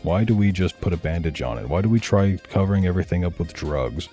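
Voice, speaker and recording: A man holds forth in casual ranting commentary, swearing freely and hammering his points bluntly. His voice sits very low, with a dark, mellow tone. Faint music plays under him. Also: expressive, quick pace. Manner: blunt, profane, heated. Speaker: streamer reacting to videos.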